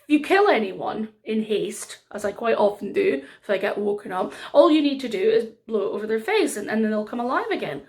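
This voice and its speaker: A woman voicing a cheeky young male trickster in a told folk tale, with a bright, wheedling manner. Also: fairly high pitch, expressive, fairly quick, vocal fry, few pauses. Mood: sly.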